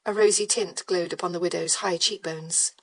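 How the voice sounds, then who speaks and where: A woman narrating a historical romance audiobook in an even, measured reading. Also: fairly low pitch. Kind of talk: scripted narration.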